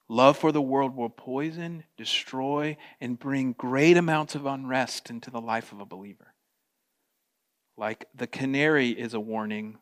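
A man preaching a sermon, animated, slipping into playful voices for quotes. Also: medium pitch. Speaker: pastor.

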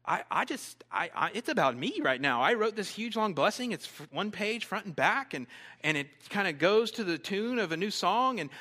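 A pastor acting out a pushy, self-absorbed man who insists on being heard, loud and stammering. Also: high voice, big pitch swings, moderate pace, long reverb tail, voice pushed up, exaggerated voice.

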